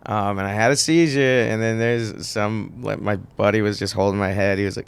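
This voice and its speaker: A man's voice: lowish voice, fairly even intonation, moderate pace, creaky, smooth. A man, a comedian and actor, chatting loosely on a podcast, swearing and laughing often. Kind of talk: casual podcast chat.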